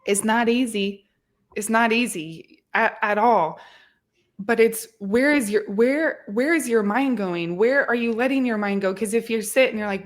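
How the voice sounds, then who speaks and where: Woman host in her 30s, mid-pitched, earnest motivational podcast chat. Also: moderate pace. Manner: earnest, motivational, self-reflective. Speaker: fitness podcast host and coach.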